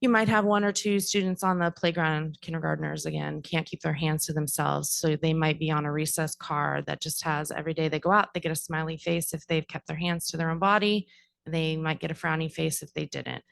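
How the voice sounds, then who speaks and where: A woman's voice: sits low, fairly even intonation, a little fast, creaky, a bit bright. A young adult woman from the school district explaining classroom strategies at a board meeting, informal with many fillers. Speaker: district staff presenter.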